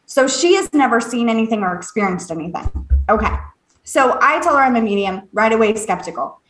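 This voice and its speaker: A woman, a podcast co-host and medium, telling a story in a casual, animated way, laughing often, swearing and acting out what people said. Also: on the high side, a little fast. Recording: echoey room.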